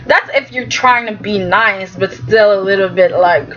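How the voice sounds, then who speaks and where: A woman's voice: mid-range voice, moderate pace, a bit bright. A woman recapping a soap opera in a sassy, chatty vlog, talking straight to the characters. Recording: slightly dull lo-fi recording.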